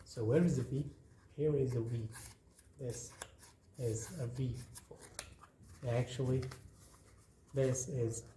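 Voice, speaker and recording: A man walks through a paper craft step by step in an unhurried, repetitive way. His voice is mellow, and his speech is slow. The room sounds echoey, with a faint hiss underneath. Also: medium pitch. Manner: relaxed, repetitive, talking while folding paper. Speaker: craft tutorial host. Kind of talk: hands-on craft demonstration. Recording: roomy echo, faint noise.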